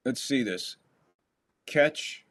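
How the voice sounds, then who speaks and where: A man's voice: medium pitch, animated, very slow, a bit bright. A man doing casual live football play-by-play on a podcast stream, calling plays and ranting with frequent swearing. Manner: profane, exasperated rants between play calls. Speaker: podcast host doing live game commentary. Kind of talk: casual live sports commentary.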